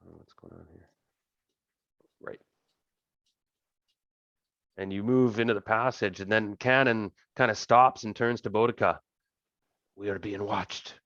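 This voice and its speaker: A man narrating as game master of an online tabletop game, relaxed and rambling with many fillers. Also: fairly low pitch, unhurried, long pauses, dry recording, muffled recording.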